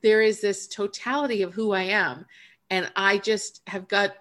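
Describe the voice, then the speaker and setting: A woman coach talks through ideas in a relaxed podcast chat. Her voice sits in a middle pitch. She sounds earnest and reflective, often restarting sentences as she reaches for emphasis. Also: normal speed. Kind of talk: casual spiritual chat.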